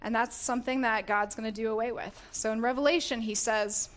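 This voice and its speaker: Woman giving a sermon, earnest, laughs a lot, trips over words and restarts, kinda high voice. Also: fairly even intonation, fairly quick. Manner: earnest, laughs often, self-correcting restarts. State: getting emotional. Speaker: preacher. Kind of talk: sermon reading scripture.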